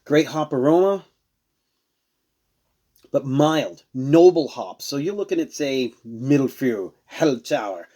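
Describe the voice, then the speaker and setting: A man's voice: medium pitch, animated, takes it slowly, long pauses, dark tone. A man casually reviewing and tasting beers on a show he hosts, rambling and searching for words as he goes. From Rhode Island. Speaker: beer reviewer.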